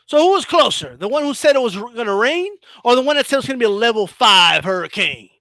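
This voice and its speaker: A man hosting his own boxing channel, giving casual, animated commentary with a mocking edge and frequent restarts. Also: very high voice, quick pace, dry recording.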